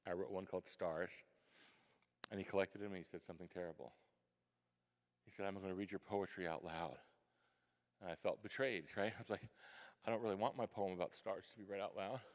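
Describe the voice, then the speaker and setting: In a reverberant large hall at a school event, a guest author with a low-leaning voice gives students a storytelling talk. He's an animated teller, playing his younger self with gasps and whispers.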